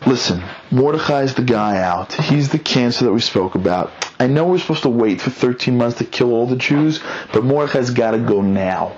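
A man's voice: mid-range voice, animated, normal speed, darkish tone, highs cut off, a little hiss or hum, lightly acted. A man voicing a scheming, boastful male villain who talks in a smug, gloating way. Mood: plotting.

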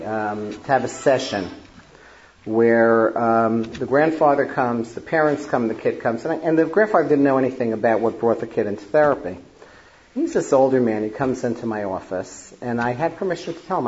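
Male therapist, mid-pitched, conversational storyteller with fillers; slightly dull recording. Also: a little mellow, a little hiss or hum. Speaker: family therapist. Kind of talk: storytelling talk to an audience.

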